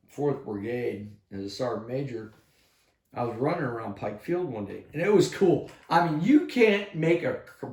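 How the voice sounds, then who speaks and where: Older male army vet for a podcast chat, swears constantly, mid-pitched voice, recorded in an echoey room. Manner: profane, animated storyteller acting out shouts. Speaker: retired army sergeant major telling war stories. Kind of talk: casual storytelling with heavy swearing.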